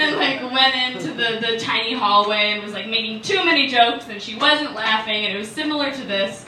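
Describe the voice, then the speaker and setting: A woman's voice: mid-range voice, a little fast, few pauses, sharp tone, slight background noise. A young woman in her twenties doing chatty, self-deprecating stand-up storytelling in a living room, with lots of "like" fillers, while a small audience laughs. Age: 20s. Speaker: stand-up comedian. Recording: echoey room, mic far off.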